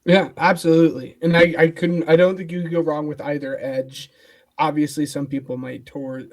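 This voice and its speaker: A man's voice: a little high, a little mellow. A man co-hosting a football podcast in casual chat, hesitant and full of fillers. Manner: hesitant, lots of "like" and "um". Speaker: co-host.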